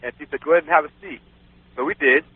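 A man with a slightly high, husky voice talks at a racing pace as a guest on a radio show. He rambles through a personal story, laughing often and saying "you know" a lot. The recording is dry with no echo and has a phone-like radio quality.

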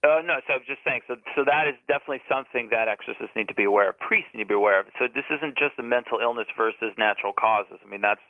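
A man's voice: medium pitch, no echo. A man in Italy, a guest on a radio show, explaining things earnestly over the phone. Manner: earnest, explanatory, fast-paced. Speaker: author guest on a phone line. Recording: tinny phone line on radio.

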